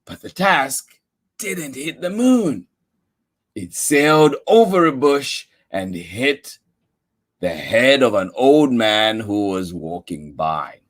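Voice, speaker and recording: Animated man reading a picture book. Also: medium pitch, slow pace. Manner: animated, asks the listeners questions. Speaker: storyteller.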